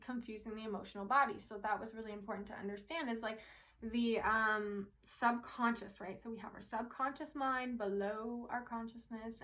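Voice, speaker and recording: A woman talks to her viewers about energy and emotions in a loose, earnest way. Her voice sits a bit high, and she keeps checking in with a quick "right?" as she goes. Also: fairly bright tone. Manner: rambling, earnest, says "right?" often, swears casually. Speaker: spiritual teacher and intuitive reader. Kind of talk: casual spiritual talk to viewers.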